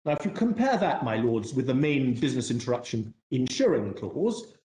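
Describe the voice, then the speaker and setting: A man in court as a barrister, making formal, measured legal submissions with courteous, self-deprecating asides. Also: medium pitch, very animated, dark tone, roomy sound.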